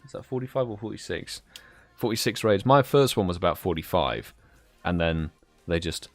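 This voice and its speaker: A young British livestream host chats casually in a British English accent, calling out viewers by name. His voice is low, and the recording has no room sound.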